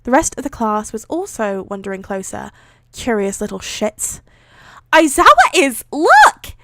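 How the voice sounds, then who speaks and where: A woman's voice: medium pitch, moderate pace, no room sound, clean studio sound. Giggly British woman reading aloud. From Britain. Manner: giggly, chatty, often corrects herself. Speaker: streamer reading fan fiction. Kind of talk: casual live reading aloud.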